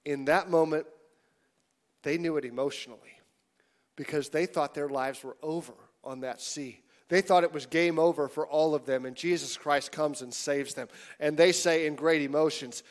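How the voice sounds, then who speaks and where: A man preaching a sermon in a conversational, animated way, sometimes dropping to hushed tones. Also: fairly high pitch, normal speed. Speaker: pastor.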